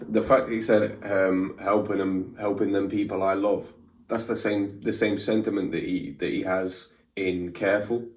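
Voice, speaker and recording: A man's voice: sits low, steady tone, moderate pace, darkish tone, reverberant, far from the mic. A man hosting a reaction video, thinking aloud in casual commentary, repeating lines and stumbling over his words.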